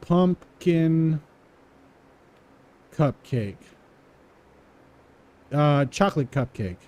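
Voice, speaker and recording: A man walking through a coding exercise, repeating words aloud slowly as he types them and chuckling to himself. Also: a little high, expressive, darkish tone. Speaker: coding tutorial presenter. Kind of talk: casual live coding walkthrough.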